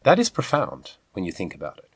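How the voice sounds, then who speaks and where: A man teaching a video voice lesson, talking straight to the viewer in an encouraging, animated way. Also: low voice, brisk, husky, dry recording. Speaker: vocal coach.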